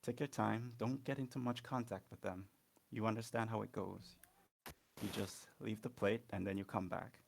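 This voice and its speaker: A man's voice: fairly low pitch, moderate pace, creaky, a little hiss or hum. A man playing a tired, sick priestess mother. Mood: weary. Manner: weary, calm and firm.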